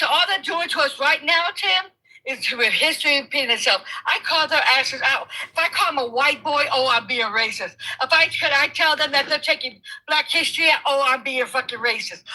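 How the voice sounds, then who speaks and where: A furious woman swearing through a heated livestream argument, her voice high and bright, swinging wildly up and down. She talks over her opponent and keeps breaking into shouts. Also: rough recording. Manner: profane, angry, talks over others; loud, bursts into shouting. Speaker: guest in a live debate.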